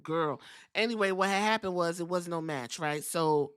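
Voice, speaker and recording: A woman's voice: on the low side, normal speed, clean tone, no room sound, clean studio sound. A woman hosting a podcast, recapping wrestling in a sassy, profane way and mimicking the wrestlers. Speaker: podcast host.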